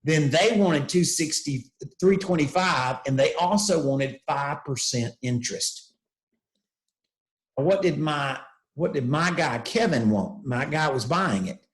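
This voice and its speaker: A man's voice: on the high side, unhurried, roomy sound, low-quality recording. An older man teaching real estate investing, telling a story and acting out the dialogue. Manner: animated storyteller, acts out dialogue.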